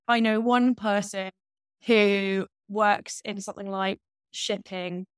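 A woman's voice: mid-range voice, smooth, dry recording. A woman co-hosting a casual podcast discussion, articulate and critical with a lightly wry edge. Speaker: podcast co-host.

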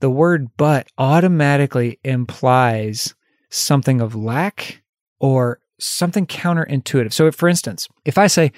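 A man's voice: mid-range voice, normal speed, no echo, clean studio sound. A male life coach hosting a solo podcast, talking candidly and conversationally, laughing at himself and lifting his voice when he acts out example phrases.

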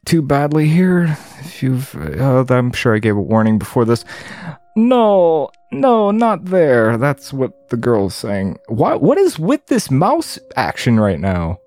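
A man's voice: medium pitch, very animated, a little slow, few pauses, a little mellow. A man commentating while he plays a game, incredulous, swearing often and laughing at what is on screen. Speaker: gamer.

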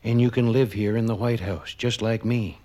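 A man impersonating a folksy male president gently telling a child about the first president. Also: medium pitch, steady tone, normal speed, close to an everyday voice. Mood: fatherly. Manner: gentle, fatherly storytelling. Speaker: impressionist on a comedy album.

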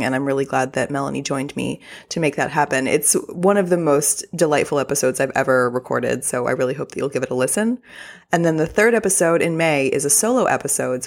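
A woman with a notably deep voice talks straight to her listeners as a podcast host. Her delivery is upbeat and gushing, and she drops in the odd filler word as she goes. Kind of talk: casual podcast monologue.

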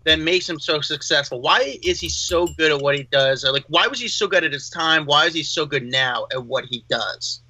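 A man co-hosting a podcast who asks halting questions and keeps rephrasing them. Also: on the high side, bright, forceful tone, muffled recording. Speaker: podcast co-host. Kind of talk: casual interview questions.

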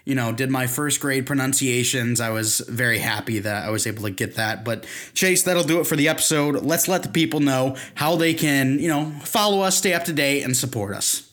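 A man's voice: medium pitch, a little fast, hardly any pauses, fairly bright tone. A man co-hosting a sports podcast in casual chat, easygoing and teasing. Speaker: podcast co-host.

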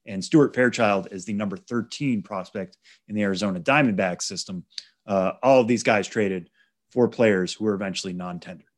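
A man co-hosting a sports podcast, calmly walking through prospect trades and statistics. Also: on the low side. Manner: measured, stat-heavy explaining. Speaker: podcast co-host. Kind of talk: casual sports chat.

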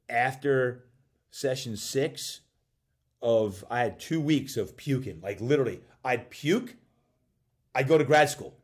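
Husky-voiced man telling a story. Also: fairly low pitch. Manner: acts out dialogue in quick voices. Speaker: athletic performance coach, podcast guest. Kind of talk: animated personal storytelling.

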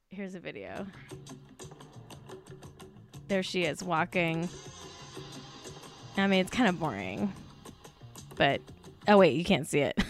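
A woman hosting a casual pop-culture show, ranting and swearing with lots of fillers. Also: fairly low pitch. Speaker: podcast host.

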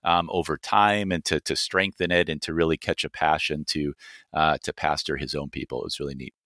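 A man's voice: very deep voice, steady tone, fairly quick, pushed and bright, no echo, clean studio sound. A man telling a story as a guest in a podcast interview, speaking earnestly with many restarts and quoted dialogue. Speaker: missionary guest.

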